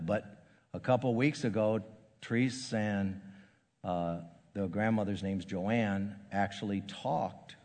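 An older man preaching a sermon, halting and restarting his words, often dropping to a hushed, soft tone. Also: fairly low pitch, long reverb tail. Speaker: pastor.

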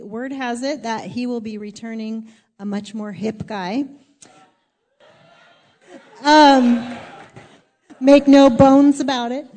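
A woman's voice: fairly high pitch, darkish tone. A woman pastor giving a sermon in a church, talking in a candid, chatty and self-deprecating way. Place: church sanctuary. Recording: long reverb of a large hall.

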